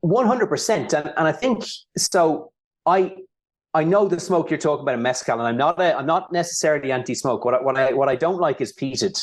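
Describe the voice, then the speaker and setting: A man, a founder who is a guest on a podcast, telling stories in a relaxed way and often restarting his sentences. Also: a little high, a little fast. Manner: relaxed storytelling, many restarts. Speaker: whiskey brand founder, guest. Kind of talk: casual interview chat.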